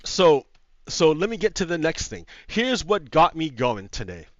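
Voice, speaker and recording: A man's voice: a little high, big pitch swings, unhurried, no echo, highs cut off. A man hosting his own gaming video, ranting in casual commentary, heated and profane, repeating himself and laughing often. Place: home setup with green screen.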